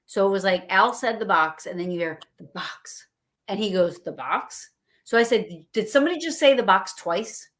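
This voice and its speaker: A woman chatting casually on a livestream, telling stories excitedly and acting out what people said. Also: medium pitch, a little fast, hardly any pauses. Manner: excited, rambling storyteller acting out quotes.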